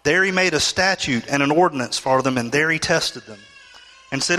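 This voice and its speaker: A man delivers a sermon, reading scripture and then dramatizing the grumbling of the people in pleading, rising outbursts. His voice is high-set and bright. The sound carries a long reverb, as if from a sanctuary. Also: moderate pace. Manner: acts out complaining voices, rising emotional pleas. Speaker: pastor.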